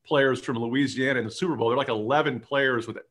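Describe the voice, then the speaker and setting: A man's voice: medium pitch, fairly even intonation, quick pace, a bit bright. A man hosting a casual interview show, teasing his guest and joking as he talks. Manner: teasing and jokey. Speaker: podcast host.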